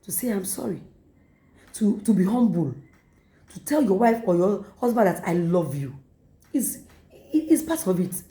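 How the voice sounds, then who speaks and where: A woman pastor with a Nigerian English accent preaches with repeated urgings, slipping into quoted lines. Her voice is warm and mellow, and it rings in an echoey room. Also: mid-range voice, animated, moderate pace, long pauses. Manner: repetitive exhortation with acted quotes. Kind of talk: sermon.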